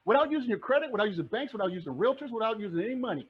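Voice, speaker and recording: High-voiced husky man giving a pep talk. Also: rapid-fire. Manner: energetic, fires rhetorical questions at the audience; acts out the audience's replies. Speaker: real estate investor and presenter. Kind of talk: motivational presentation to a club. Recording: dull lo-fi recording.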